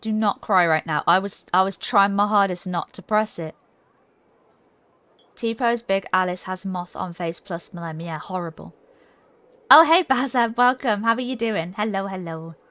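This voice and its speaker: A woman's voice: medium pitch, normal speed, fairly bright tone, dry recording. Giggly woman streamer chatting. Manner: chatty and giggly, reads chat aloud. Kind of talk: casual live-stream chat while gaming.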